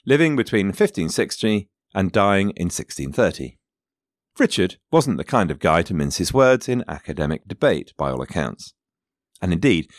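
A man's voice: low voice, no echo, studio quality. A man narrating history as a podcast host, with wry asides and digressions spoken directly to his listeners.

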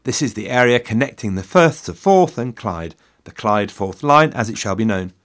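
A man's voice: on the low side, expressive, moderate pace, a bit bright. A man giving scripted history narration, with a wry, dry humor and self-deprecating asides. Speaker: history podcast host.

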